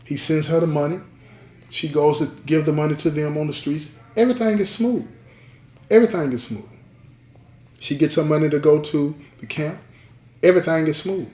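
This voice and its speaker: Man, podcast host, casual storytelling, repeats lines, checks in with listeners, slightly high voice, echoey room. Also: little pitch movement, brisk, darkish tone.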